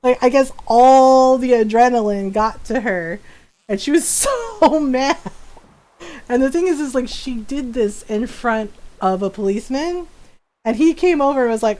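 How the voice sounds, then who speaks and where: Woman game streamer, animated casual storyteller, a touch high-pitched. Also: unhurried. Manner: animated, laughs often, many fillers and tag questions. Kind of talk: casual storytelling chat while gaming.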